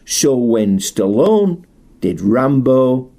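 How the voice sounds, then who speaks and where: A man's voice: medium pitch, very animated, extremely slow, dark tone. A middle-aged man presenting a film tribute in a chatty, enthusiastic, rambling monologue. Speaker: martial arts film specialist presenting a tribute. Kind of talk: casual spoken monologue.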